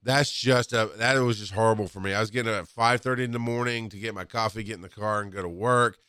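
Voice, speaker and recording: A man who used to be a paramedic tells work stories in a casual, animated way, with laughs and acted-out quotes. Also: fast, smooth, dry recording, studio quality. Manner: animated, acts out quotes with rising pitch and laughs. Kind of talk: casual storytelling monologue.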